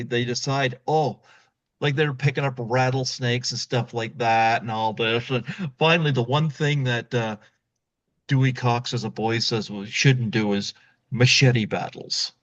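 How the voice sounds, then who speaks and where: A male podcast host in casual conversation, retelling a film with animated storytelling and acted-out quotes. His voice sits mid-range, and the recording is dull and lo-fi. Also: mid-range voice.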